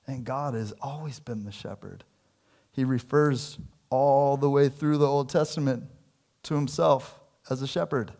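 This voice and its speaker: A man's voice: on the high side, darkish tone. A middle-aged man preaching a sermon as pastor in a conversational way, acting out quoted lines with shifts in voice.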